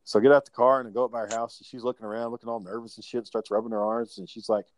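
A man telling work stories in casual chat, animated and profane, acting out the people he quotes. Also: mid-range voice, rapid-fire.

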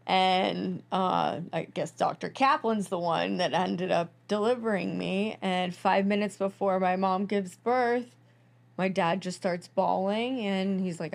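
A woman's voice: lowish voice, creaky. A young woman co-hosting a podcast, talking in a casual, gushing way full of fillers as she tells a personal story. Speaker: podcast co-host. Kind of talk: casual chat.

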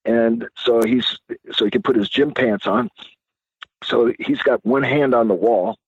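An older man telling rowdy stories as a guest, acting out the voices and shouts of the people in them. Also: mid-range voice, husky, dry recording. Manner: acts out voices and screams in his stories, laughs a lot. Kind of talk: animated storytelling. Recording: dull lo-fi sound.

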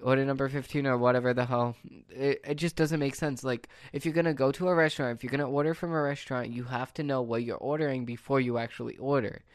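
A man in a casual rant, sarcastic and exasperated, tripping over restarts as he vents. His voice sits at an ordinary middle pitch. It is recorded close and dry, with no room sound. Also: steady tone, fast talker, dry recording. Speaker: pizza shop phone order taker. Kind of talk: casual ranting monologue.

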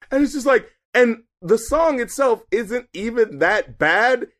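A man co-hosting a podcast, chatting casually and swearing through animated, incredulous rants about an album. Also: very high-pitched, slow. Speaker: podcast co-host reviewing albums. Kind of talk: casual chat.

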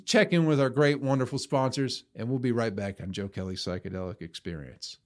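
A man's voice: medium pitch, a little fast. A man hosting a comedy podcast, talking in a casual, profane, ranting way.

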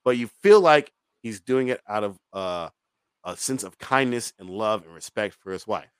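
A man's voice: on the low side, expressive, moderate pace, clear, resonant tone, no room sound. A man co-hosting a podcast, reviewing a movie in casual, rambling, profane chat and laughing often. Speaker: podcast co-host reviewing a film.

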